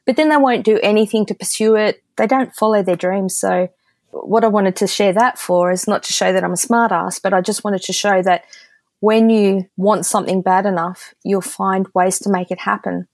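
An Australian woman speaks in a casual podcast interview, candid and direct. She tells stories with a lively pull, her voice at a middling pitch. The sound is close and dry, with no room around it. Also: normal speed, no room sound. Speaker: guest copywriter.

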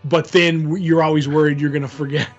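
A man's voice: on the high side, flat delivery, quick pace, dull audio. A man co-hosting a podcast in casual chat, rambling with lots of fillers and joking at his own expense. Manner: rambling, filler-heavy, self-mocking. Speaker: podcast co-host. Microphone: remote call recording.

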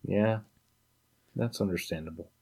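A man's voice: deep voice, measured pace, gravelly, a little mellow, slightly rough. A man co-hosting a podcast in casual chat, talking in a rambling, hesitant way with many fillers. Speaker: podcast co-host.

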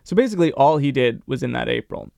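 A man's voice: mid-range voice, animated, fast, creaky, darkish tone, dry recording, clean studio sound. A man co-hosting a podcast, chatting casually about baseball history in a rambling, joking way with many fillers. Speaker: podcast co-host.

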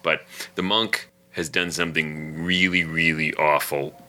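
Male podcast co-host, very low voice with a sharp bright edge, easy laughs. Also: level tone, unhurried. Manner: laughs often, explains in long runs. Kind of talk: casual chat.

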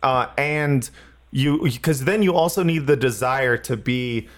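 Guy in a podcast chat, mid voice, lots of uhs and stops. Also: medium pitch. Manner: halting, many fillers and restarts. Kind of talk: casual chat.

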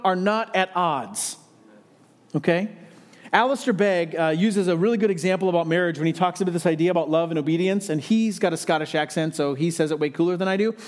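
A pastor delivers a sermon in a high, light male voice. He speaks earnestly and with emphasis, often pausing to put rhetorical questions to the congregation.

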